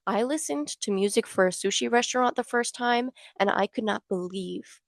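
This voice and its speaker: A woman's voice: fairly high pitch, normal speed, creaky, dry recording. A young woman vlogging casually as a fan, chatty and gushing with many fillers. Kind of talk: casual fan talk to camera.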